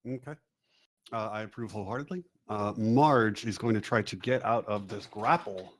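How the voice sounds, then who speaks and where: A man's voice: on the low side, moderate pace. A man running a tabletop game as game master, loose and profane with many fillers.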